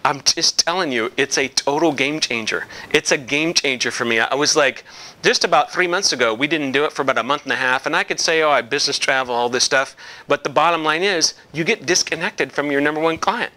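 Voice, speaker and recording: A man with a bright, forward voice talks to past clients in a loose, chatty video message. He rambles, restarts his sentences and leans on fillers as he goes. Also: on the high side, fairly quick. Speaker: company president giving a client update.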